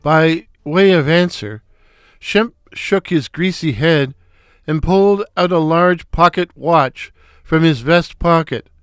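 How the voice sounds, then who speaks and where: A man narrating a comic story in a wry, unhurried storytelling manner. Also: fairly high pitch, animated, fairly bright tone, clear, resonant tone, no echo, studio quality.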